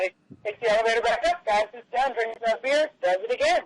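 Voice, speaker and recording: A woman telling a run of jokes at a small comedy show, in a loose, halting storytelling style. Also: fairly high pitch, no room sound, poor audio. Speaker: stand-up comic. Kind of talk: telling jokes at an open mic.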